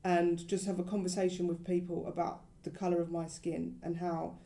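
A woman's voice: on the low side, moderate pace. A woman talking in loose fragments. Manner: talks in loose, trailing fragments, animated when quoting others. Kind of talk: casual conversation.

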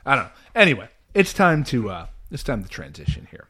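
A man hosts a casual podcast from a remote call. He rants in an animated, rambling way, stacking fillers and restarts. His voice sits at an ordinary middle pitch. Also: brisk, breathy edge. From New Jersey. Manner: animated, ranting, lots of "like" and restarts. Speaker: podcast host.

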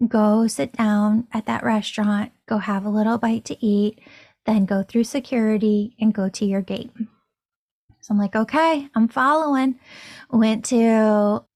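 A woman in her thirties, a podcast host, telling a personal story in an animated, excitable way. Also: fairly high pitch, no echo, clean studio sound. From Florida. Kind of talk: casual storytelling monologue.

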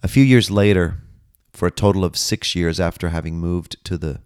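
A middle-aged man, a pastor and podcast host, earnestly telling his personal testimony with dramatic pauses. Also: deep voice, darkish tone, clear, resonant tone, no room sound, studio quality.

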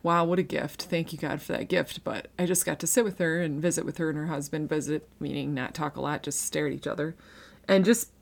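Sounding close to tears, a thirtyish woman recounts her faith testimony in a low, dusky voice with vocal fry, her tone steady and pace fairly quick. The talk is earnest and conversational, full of restarts and fillers that betray her strain.

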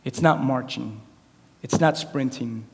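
A pastor preaching a sermon in a church, swinging between quiet, intimate lines and loud, animated appeals. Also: male voice, mid-range voice, slow, long reverb tail. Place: church sanctuary.

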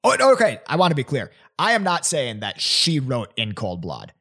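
A young man telling a story in casual chat, animated and laughing often, with many "like" fillers. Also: mid-range voice, normal speed, slightly rough. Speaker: podcast guest presenting a theory.

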